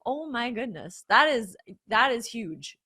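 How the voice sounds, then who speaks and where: Female sports podcast co-host, slightly high and bright, excitable casual chat. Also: measured pace, breathy edge.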